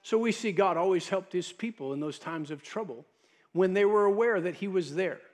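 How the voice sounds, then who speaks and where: A man's voice: high voice, normal speed, darkish tone. A male pastor preaching a sermon, emphatic and repeating words for stress.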